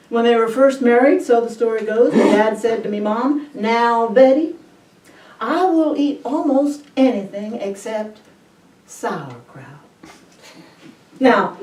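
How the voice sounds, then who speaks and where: Wry woman storyteller, mellow and unhurried, live stage sound from off the mic. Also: medium pitch, far from the mic. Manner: wry, deliberate, savoring details. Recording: roomy hall, voice from the mic.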